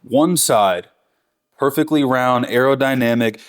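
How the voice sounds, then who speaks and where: A man's voice: medium pitch, measured pace, clean tone. A man in a casual, enthusiastic cooking lesson, talking his viewers through a task step by step and correcting himself as he goes. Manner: enthusiastic, chatty, self-correcting. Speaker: barbecue instructor. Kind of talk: real-time cooking tutorial.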